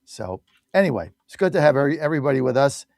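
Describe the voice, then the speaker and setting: A man's voice: medium pitch, very fast, vocal fry, darkish tone, dry recording, clean studio sound. A man hosting a talk radio show, delivering an opinionated monologue in a combative, mocking and blunt way.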